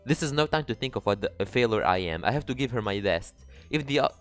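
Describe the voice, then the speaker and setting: A man commentating a game as he reads it aloud, jokey and prone to swearing. His pitch bounces all over the place, with faint music playing under him. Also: animated, fast, fairly bright tone, dry recording. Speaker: let's player.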